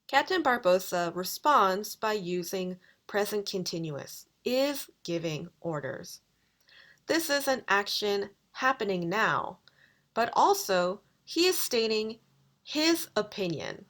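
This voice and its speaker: Slow, deliberate woman lecturer. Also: medium pitch, sing-song, a bit bright. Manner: slow, deliberate explanations with quoted examples. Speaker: university lecturer. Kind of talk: recorded video lecture.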